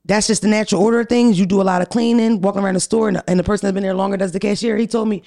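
A woman's voice: medium pitch, steady tone, very fast, gravelly, hardly any pauses, warm tone. A woman hosting a podcast, telling stories in a blunt, profane, casual way. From United States. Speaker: podcast host.

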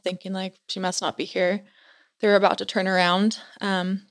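A young woman guest on a podcast, casually telling a story and filling her speech with "like". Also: mid-range voice. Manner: chatty, fills speech with "like".

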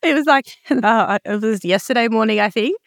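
A woman's voice: fairly high pitch, normal speed, no echo, clean studio sound. A woman co-hosting a parenting podcast, chatting casually and telling stories from home. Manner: laughing, storytelling, chatty. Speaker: podcast co-host; mother of young children. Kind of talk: casual chat.

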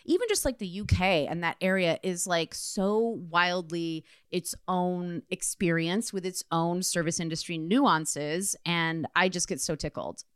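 A woman co-hosting a podcast in casual chat, excitable and gushing, swearing freely. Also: fairly low pitch, a little slow, hardly any pauses, clean tone, no echo, studio quality. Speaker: podcast co-host.

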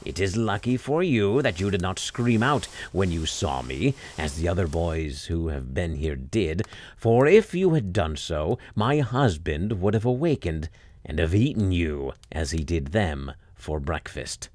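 Man doing a weary one-eyed giantess, slow and bossy. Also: low voice, lively intonation, darkish tone.

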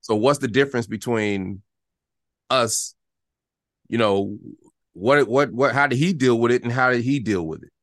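A man, an actor and guest, telling animated stories in a casual interview, sometimes dropping to a near-whisper to make a point. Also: medium pitch, moderate pace, long pauses, no echo, studio quality. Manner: animated, storytelling, drops to a hush to demonstrate.

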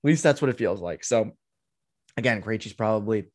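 A man's voice: fairly low pitch, expressive, a little fast, a little mellow, dry recording, studio quality. A man in his twenties hosting a sports podcast, chatting through team analysis in a loose, thinking-aloud way with plenty of filler words. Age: 20s. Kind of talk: casual hockey analysis chat.

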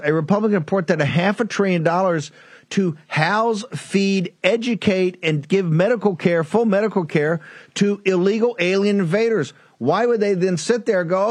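A man's voice: high voice, no echo. A man hosting a political talk show, delivering a combative commentary monologue that hammers its points through repetition. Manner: combative, repetitive, addresses listener as "brother".

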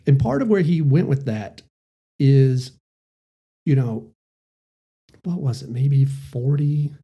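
Male podcast host, casual rambler with a deep mellow tone. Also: expressive, slow pace, husky, highs cut off. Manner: casual and rambling, many "you know" fillers. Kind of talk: solo podcast monologue.

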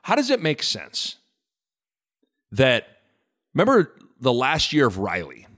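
Animated man hosting a sports podcast. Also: medium pitch, measured pace. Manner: animated, joking, rambling asides. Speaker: podcast host. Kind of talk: casual sports talk.

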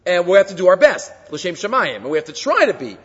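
A man teaching a Torah class as a rabbi, telling stories and explaining texts in a lively way. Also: sits high, quick pace, husky. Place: classroom with handouts. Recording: dull lo-fi recording in a reverberant hall.

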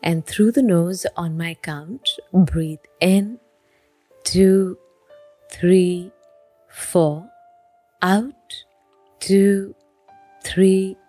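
A woman calmly leading a guided breathing exercise, counting each breath in and out. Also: mid-range voice. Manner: calm, counts breaths slowly. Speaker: breathing instructor.

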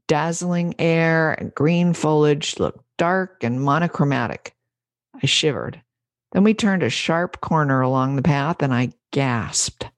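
Woman podcast host reading a story, measured pace, dry close sound. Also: deep voice, dry recording. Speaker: podcast host and business coach. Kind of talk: reading an essay aloud.

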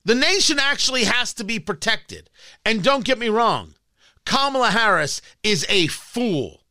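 A man's voice: sits high, lively intonation, unhurried, pushed and bright, no room sound. A man hosting a political talk show, ranting in a combative, scornful opinion monologue.

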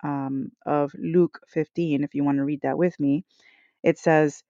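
Speaking at a measured pace in a dark, low voice with a steady tone, a podcast host gives a relaxed devotional reflection. Her earnest talk rambles and leans on "you know" and "like," captured live through a small computer mic in dry, dull lo-fi audio.

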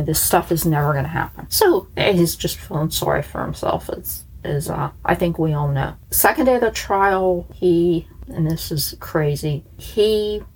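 A woman's voice: low-pitched, darkish tone, rough recording. A woman from the United States telling a true crime story in a casual, chatty way, blunt and sarcastic.

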